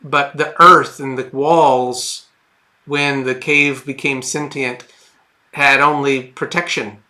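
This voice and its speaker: A man's voice: medium pitch, flat delivery, slow, pushed and bright. A man running a tabletop game as game master, narrating in a rambling, hesitant way with many fillers and restarts.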